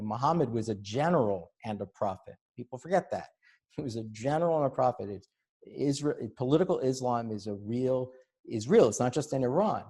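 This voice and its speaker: A middle-aged man giving an animated book talk, emphatic and sarcastic, often laughing between points. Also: mid-range voice, creaky, breathy edge.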